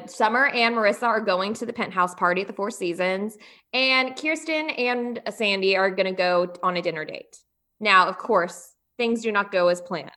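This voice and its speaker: A woman co-hosting a podcast, recapping a TV episode in animated, slangy casual chat and laughing often. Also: a little high. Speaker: podcast co-host.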